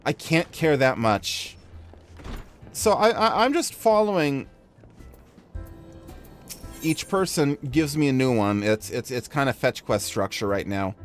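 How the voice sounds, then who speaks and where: A man's voice: medium pitch, lively intonation, measured pace, long pauses, soft background music. A man hosting a casual game playthrough, rambling and wry, often correcting himself. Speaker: gameplay host. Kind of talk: casual let's play chat.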